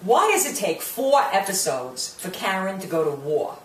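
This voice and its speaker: A woman's voice: mid-range voice, big pitch swings, moderate pace, recorded from a distance, slight background noise. Brash foul-mouthed New woman. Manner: brash, swearing, drops Italian curses, mocks cast members. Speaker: reality TV reviewer. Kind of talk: profane ranting show review. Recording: echoey room, voice a bit off-mic, faint ambience.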